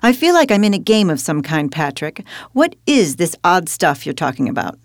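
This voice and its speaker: Lively woman quizzing in a lesson. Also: lowish voice, normal speed, dry recording. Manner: quizzing, leading with questions. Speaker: teacher. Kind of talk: scripted teaching dialogue.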